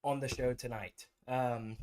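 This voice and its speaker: A man's voice: medium pitch, steady tone, unhurried, darkish tone, a little hiss or hum. A man hosting a casual livestream chat show, rambling with many fillers. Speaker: host.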